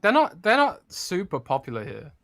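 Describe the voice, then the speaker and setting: A man's voice: high-pitched, huge pitch swings, normal speed, a bit bright, dry recording, studio quality. A British man from the UK co-hosting a podcast, chatty and rambling, laughing often. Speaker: podcast co-host. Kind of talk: casual chat.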